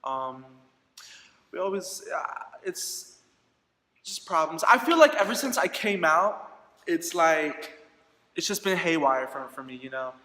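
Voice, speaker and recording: A man's voice: a little high, animated, unhurried, long pauses, pushed and bright. A young man vlogging a candid personal story, acting out quoted dialogue with plenty of fillers. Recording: echoey room with long reverb.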